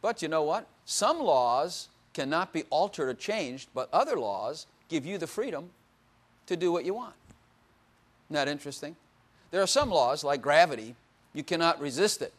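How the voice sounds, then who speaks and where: An older man preaching in a church, chatting with the congregation and laughing as he goes. His voice sits a little high for a man, and the talk stays easy and conversational. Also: big pitch swings, moderate pace. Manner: conversational and playful, laughing often, asking the congregation questions. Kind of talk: sermon.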